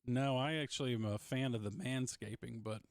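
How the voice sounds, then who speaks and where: A man's voice: medium pitch, brisk, no room sound, clean studio sound. A man hosting a casual talk show, easygoing as he steers the conversation. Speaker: host. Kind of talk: casual podcast chat.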